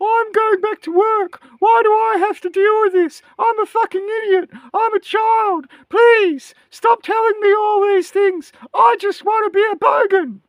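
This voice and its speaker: A man putting on a mocking, whiny, childish voice of an apathetic voter, in a petulant high-pitched whine. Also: steady tone, measured pace, hardly any pauses, no echo. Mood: whining.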